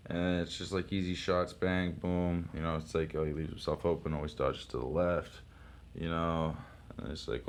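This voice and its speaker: A young man casually paging through a comic, talking in an excitable, profane, rambling way with shouted sound effects. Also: low voice, normal speed, slight background noise. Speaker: comic book reviewer.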